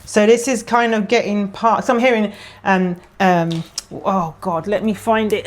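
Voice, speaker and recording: A woman's voice: mid-range voice, steady tone, measured pace, hardly any pauses. Chatty woman reading tarot cards. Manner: emotional, chatty, thinks aloud while pulling cards. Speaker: tarot reader. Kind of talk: casual tarot card reading to camera.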